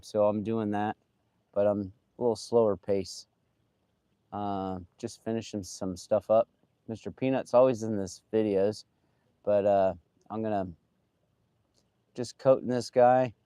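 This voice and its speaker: A man's voice: fairly low pitch, warm tone, clean tone, no echo, clean studio sound. A man who carves wood with a chainsaw, chatting casually on a live stream while he works, rambling and trailing off with lots of fillers.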